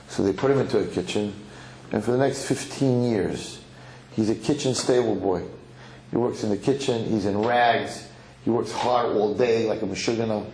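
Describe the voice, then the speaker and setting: A rabbi giving a sermon, telling a parable in an animated storytelling manner with some Yiddish words, in an echoey lecture hall. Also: male voice, lowish voice, normal speed, a little hiss or hum. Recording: echoey hall, faint ambience.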